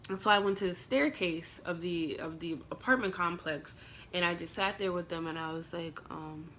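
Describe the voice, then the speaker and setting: A woman's voice: lowish voice, moderate pace, a bit bright, a little hiss or hum. A young woman vlogger telling a personal storytime in an emotional, casual way, full of "like" fillers. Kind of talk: storytime vlog.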